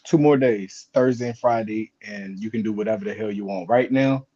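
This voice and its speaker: A man's voice: fairly low pitch, fairly quick, warm tone, dull audio. A man co-hosting a casual podcast, joking and teasing the host.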